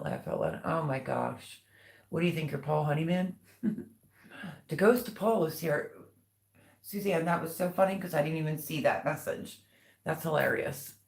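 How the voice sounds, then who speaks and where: A woman's voice: deep voice, gravelly, darkish tone, echoey room. An older woman hosting a live stream, telling rambling family stories and reading out viewers' comments in casual chat. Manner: chatty, rambling storytelling. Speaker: livestream host.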